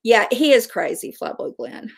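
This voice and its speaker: A woman's voice: fairly high pitch, big pitch swings, normal speed, vocal fry, slightly rough. Chatty woman, laughs often. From West Virginia, USA. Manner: chatty, laughs often, answers viewer comments. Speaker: livestream host. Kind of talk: casual livestream chat.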